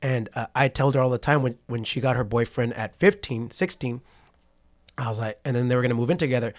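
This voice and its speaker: This California man in his forties, from Patterson, talks fairly quickly in a mid-range voice. Appearing as a podcast guest in a casual interview, he tells a story with animation, acting out what others said and repeatedly asking "right?"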